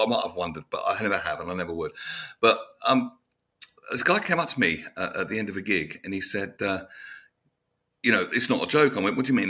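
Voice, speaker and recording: A man hosting a casual chat show, rambling and animated, breaking into laughter as he talks. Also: mid-range voice, husky. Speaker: host.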